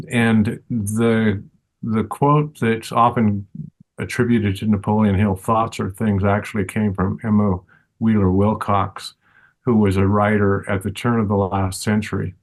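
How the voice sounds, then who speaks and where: An older man, a teacher, answering interview questions in a slow, earnest and reflective way. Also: lowish voice.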